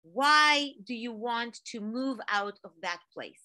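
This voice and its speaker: Woman motivational speaker, lively storyteller, bright and slightly high voice. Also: slow pace. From Israel. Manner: energetic, animated storytelling with rising emphasis. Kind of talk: motivational talk to an online audience.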